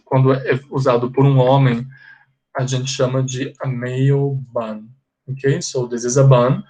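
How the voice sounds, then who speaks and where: A man with a Brazilian Portuguese accent, a native Portuguese speaker teaching an online English lesson, slowly repeating words for pronunciation and often checking in with "ok?". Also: mid-range voice, little pitch movement, darkish tone.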